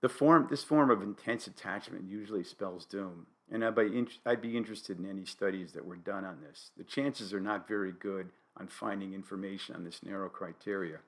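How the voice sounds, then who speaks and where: An older man from New Haven, Connecticut, with a New England accent, hosting a solo podcast with dry, wry, deadpan humor. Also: low-pitched, fairly quick, few pauses. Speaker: podcast host.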